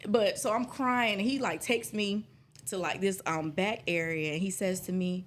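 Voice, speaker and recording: A middle-aged woman from South Carolina with a Southern accent, a guest telling lively stories in a casual interview. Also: medium pitch, normal speed. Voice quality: lively storyteller, acts out quoted voices.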